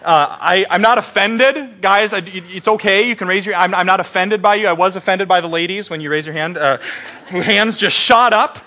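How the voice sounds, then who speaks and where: A man's voice: high-pitched, moderate pace, pushed and bright. A middle-aged man preaching an Easter sermon as pastor, joking and playful with his congregation.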